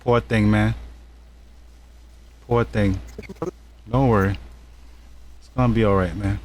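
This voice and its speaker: A man's voice: on the low side, fairly even intonation, takes it slowly, darkish tone, slight background noise. A man, giving angry reaction commentary on a video in a heated, repetitive, preachy way. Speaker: commentary vlogger.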